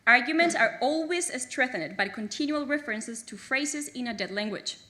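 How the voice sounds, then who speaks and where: A young woman reading humorous mock legal articles at a graduation ceremony, crisp and formal with a playful undertone. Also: high-pitched, animated, moderate pace, sharp tone. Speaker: graduating student presenter.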